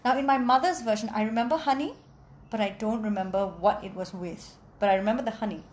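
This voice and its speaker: A woman telling a folk tale aloud in an animated, expressive way, adding sound effects. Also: medium pitch, fast talker, a little hiss or hum. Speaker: storyteller. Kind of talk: oral storytelling.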